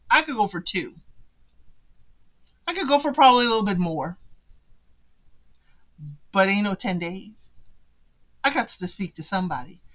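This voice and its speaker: A woman's voice: mid-range voice, sharp tone, poor audio. A woman hosting a podcast, recapping a show in casual, chatty commentary and talking straight to her listeners with teasing asides. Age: adult parent of sons.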